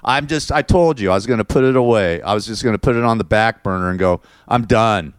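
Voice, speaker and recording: A middle-aged man rambles through a crude, venting solo monologue, tacking "man" onto his sentences and restarting often. His voice is smooth and resonant. The sound is dry and close, with no room around it. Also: on the low side, quick pace, no echo. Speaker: podcast host.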